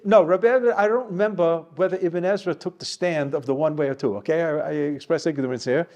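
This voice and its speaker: A man with a somewhat high voice leads a Torah lesson, wandering through asides and Hebrew quotations. He stretches out key phrases for emphasis, then picks the pace back up in an easy conversational way. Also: darkish tone. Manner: digressive, sprinkled with Hebrew quotes, slows to stress key words. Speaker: rabbi teaching a Torah class. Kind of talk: Torah lecture.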